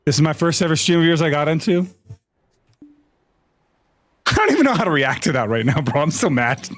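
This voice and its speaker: A man's voice: fairly high pitch, sing-song, a little fast, a bit bright. A man live-streaming to his chat in a casual, exasperated way, swearing and laughing a lot. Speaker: VTuber streamer.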